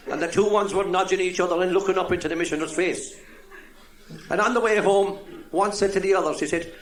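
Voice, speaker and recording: A man's voice: high-pitched, fairly even intonation, quick pace. A man telling jokes live as a chatty, chuckling storyteller. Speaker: comedian.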